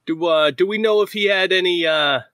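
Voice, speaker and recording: A man's voice: high voice, brisk, fairly bright tone, clean tone, dry recording. A man playing in a tabletop game, asking hesitant questions with fillers. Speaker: player.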